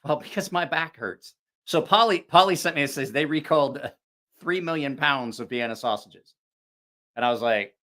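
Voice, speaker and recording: A man with a fairly high, bright, forceful voice hosts a knife review channel and chats casually on a live stream. He rambles, speaks frankly, swears freely, and restarts his sentences often.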